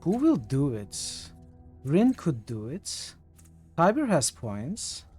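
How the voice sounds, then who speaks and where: A man streaming a role-playing game, reading the game's narration aloud and thinking out loud between choices. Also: wildly swooping pitch, slow, faint music behind. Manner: thinks aloud, reads narration in a lower, quieter voice. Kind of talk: reading game text aloud and commenting casually.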